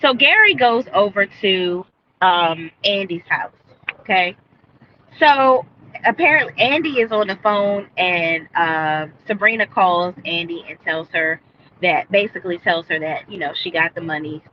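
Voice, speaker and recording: A woman's voice: on the low side, animated, measured pace, dull audio, slight background noise. A woman recapping a TV episode live for viewers, blunt and opinionated, speaking into a headset mic. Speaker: TV show reviewer. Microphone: earbud headset.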